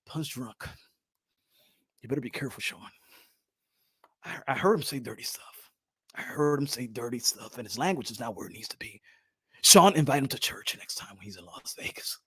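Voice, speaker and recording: A man voicing a disapproving churchgoer who scolds in a low whisper. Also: expressive, moderate pace, long pauses, fairly bright tone, breathy edge, no room sound. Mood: hushed scolding. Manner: whispered, tut-tutting.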